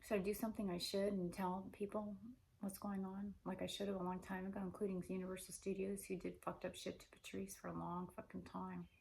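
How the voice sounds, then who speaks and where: A woman's voice: mid-range voice, flat delivery, brisk, vocal fry, darkish tone. Woman in a rambling, profane monologue. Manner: run-on questions, heavy swearing.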